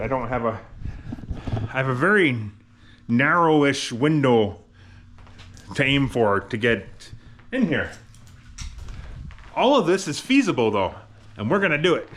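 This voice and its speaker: A man's voice: medium pitch, fairly bright tone, a little hiss or hum. Wry, muttering man wrenching outdoors. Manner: wry, self-mocking, mutters while working. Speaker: DIY garage vlogger. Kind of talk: casual running commentary while wrenching. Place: outdoors in cold wind.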